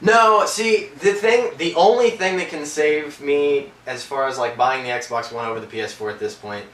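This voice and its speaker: A young man co-hosting a casual gaming podcast, excitable and jokey, swearing and slipping into silly voices. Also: fairly high pitch, moderate pace. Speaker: podcast co-host. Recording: roomy echo, mic at a distance, faint noise.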